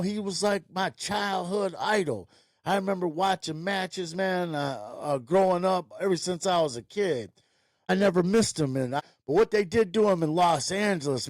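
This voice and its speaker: A man's voice: on the high side, a little mellow, no echo. Brief: profane, rambling male host ranting bluntly, dry close sound. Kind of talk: ranting commentary.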